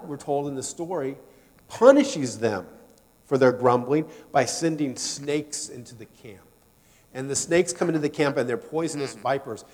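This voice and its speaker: A man's voice: medium pitch, a little mellow. A man preaching a sermon in a church, talking in a conversational way and asking the congregation questions. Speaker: pastor. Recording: long hall reverb.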